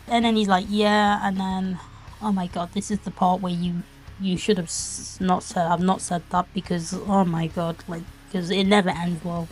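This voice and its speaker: A woman casually reviewing online videos, retelling the plot in a rambling, giggly, exclamatory way. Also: mid-range voice.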